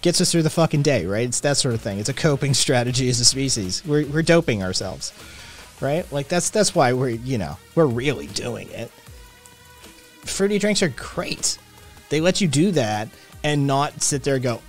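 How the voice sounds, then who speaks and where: A man hosting a casual livestream, reading chat messages aloud and answering them with loud, profane, animated opinions. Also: mid-range voice, moderate pace, faint music behind. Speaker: podcast host reading live chat.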